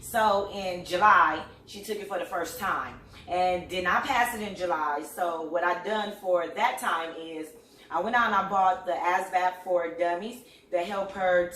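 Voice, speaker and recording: A middle-aged woman hosting a casual talk, telling a family story in an animated, chatty way with lots of fillers. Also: fairly low pitch, moderate pace, distant mic, slight background noise. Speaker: host. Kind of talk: casual chat. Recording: echoey room, voice a bit off-mic.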